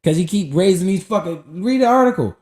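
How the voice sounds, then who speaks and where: A man's voice: high voice, expressive, fairly quick, darkish tone. Hyped, profane man talking stocks. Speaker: stock investing streamer. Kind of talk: casual live-stream talk.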